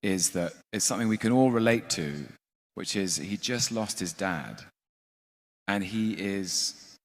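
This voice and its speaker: A man explaining Shakespeare in a thoughtful, measured way, pausing often with ums as he reflects. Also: sits low.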